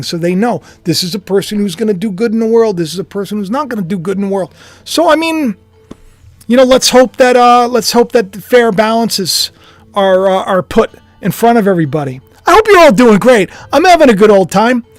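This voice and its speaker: A man with a notably high voice muses aloud in a casual, rambling vlog from home. He is self-deprecating and chuckles as he talks. The sound is close and dry. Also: expressive, fairly quick, no echo, soft background music. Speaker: YouTuber and author. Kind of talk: casual speculative monologue.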